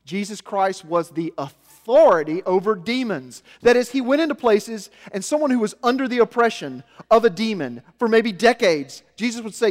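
Man preaching a sermon, high voice, animated delivery, loud emphasis and soft low asides, long hall reverb. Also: a little fast. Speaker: pastor.

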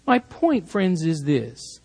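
A man's voice: fairly high pitch, big pitch swings, takes it slowly, gravelly, a little mellow. A male pastor preaching an expository sermon, emphatic and rising sharply on repeated commands.

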